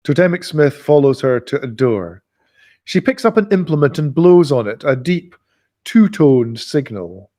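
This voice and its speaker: A man reading a novel aloud in a live reading, expressive and giving the characters voices. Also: mid-range voice, unhurried. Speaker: audiobook reader.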